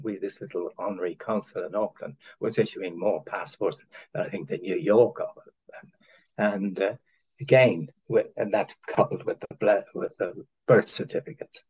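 An older man from Ireland, a former honorary consul, telling long anecdotes in a halting way, with many restarts and chuckles. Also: on the low side, a little mellow, husky, low-quality recording. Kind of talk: rambling anecdotal conversation.

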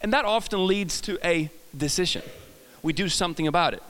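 A man's voice: high-pitched, brisk, a bit bright, in a large hall. A man with a Swedish accent preaching a casual, joking sermon, often restarting his sentences and talking to the audience. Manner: chatty, self-correcting, jokes with the audience.

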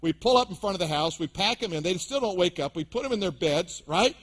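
A man's voice: high voice, animated, fast, a bit bright. A middle-aged pastor preaching a sermon, telling a humorous personal story and speaking directly to his congregation.

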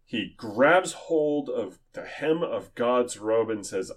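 A man teaching a Bible study sermon in an earnest, measured, explanatory way. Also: mid-range voice, lively intonation.

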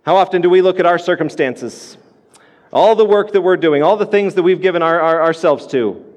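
A man's voice: high-pitched, a little fast, long reverb tail. A man preaching a sermon as pastor, earnest and repeating his key points for emphasis.

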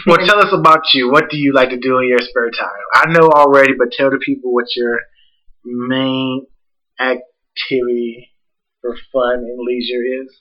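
A man's voice: medium pitch, steady tone, normal speed, pushed and bright, low-quality recording. A man hosting a casual podcast chat, ranting bluntly with plenty of profanity, a bit congested. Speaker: podcast host.

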